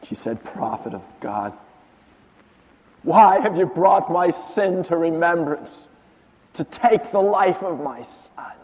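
Guy doing an old prophet telling his story, high voice, slow and drawn out, big echoey church. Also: lively intonation. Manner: swings from hushed to impassioned. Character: aged male prophet recounting his miracles. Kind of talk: first-person dramatic monologue. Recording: long hall reverb.

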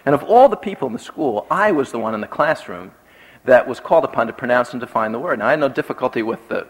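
A pastor giving a sermon, telling personal stories and repeating key lines for emphasis. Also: male voice, mid-range voice, expressive, fast. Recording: long reverb from a large hall.

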